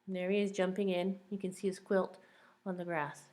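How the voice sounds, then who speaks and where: A woman teacher reading a picture book aloud to young children, gently asking them questions along the way. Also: fairly low pitch, little pitch movement, brisk.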